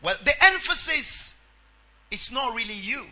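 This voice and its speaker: Nigerian man, pastor, very high voice, sing-song scripture chanting, dull lo-fi recording. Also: expressive, a little slow, pushed and bright. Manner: chants verses in a sing-song, calls on the congregation. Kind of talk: sermon with scripture reading.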